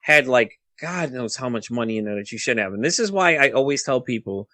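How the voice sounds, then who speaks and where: Fast-talking, sharp-voiced man, swearing freely. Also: mid-range voice, lively intonation, no echo. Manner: rapid, profane, restless recounting with many restarts. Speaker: podcast guest. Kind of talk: casual storytelling.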